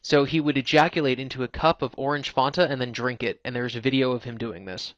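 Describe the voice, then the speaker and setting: A man's voice: mid-range voice, fairly even intonation, fast talker, no echo. Chatty man on a dull, dry stream. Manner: chatty, explains at length with many "like"s. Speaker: podcast host. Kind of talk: casual live-stream chat.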